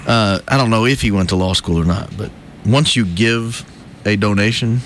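A man's voice: lowish voice, moderate pace, a little hiss or hum. A man hosting a talk radio show, chatting animatedly and slipping into mocking voices as he tells a story. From not from Alabama. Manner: animated, puts on mocking voices while telling stories.

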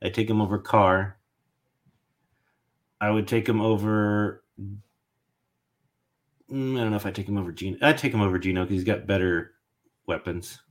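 A man hosting a podcast, rambling and thinking out loud in a casual sports chat. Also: fairly low pitch, steady tone, moderate pace, pauses often. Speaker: podcast host.

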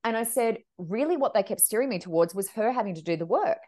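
Animated storytelling woman medium. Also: medium pitch, fast talker. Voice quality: expressive, acts out quoted voices. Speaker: medium, podcast guest.

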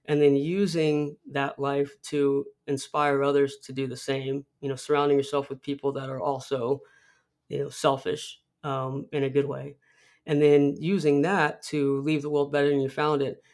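A man's voice: mid-range voice, flat delivery, a little slow, a little mellow. A young man, a podcast guest, telling a personal story in a rambling way with many restarts. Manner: rambling, many restarts, acts out film quotes.

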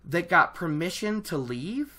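An excitable book vlogger chatting to viewers about a fantasy novel in an ordinary mid-range voice. They ramble and trip over their own sentences, restarting thoughts and breaking into laughter at their own enthusiasm. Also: medium pitch, measured pace. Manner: excitable, rambling, self-interrupting, laughs often. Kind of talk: casual book discussion to camera.

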